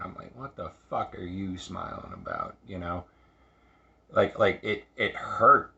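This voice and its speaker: A man tells a personal story, halting and repeating himself as he reflects. His voice is low and gravelly with a bright edge. The recording sounds dull and lo-fi. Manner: halting, repetitive, reflective with many restarts. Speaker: speaker sharing recovery story.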